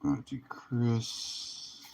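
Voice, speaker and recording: Weary male stream host, slow and easygoing, chuckles between card reveals. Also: mid-range voice, flat delivery, gravelly, background noise. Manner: laid-back, drawling, laughs often. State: tired, yawning. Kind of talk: casual livestream commentary.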